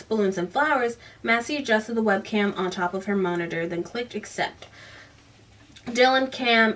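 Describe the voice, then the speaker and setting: A woman's voice: mid-range voice, a bit bright, far from the mic. Woman, book recap, rambling, self-correcting, a bit off-mic. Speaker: book reviewer. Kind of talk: casual book recap with read-aloud passages.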